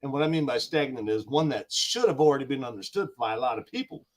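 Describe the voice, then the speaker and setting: A man's voice: mid-range voice, expressive, quick pace. A man as a talk show guest, speaking bluntly and emphatically with profanity. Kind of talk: casual talk show banter.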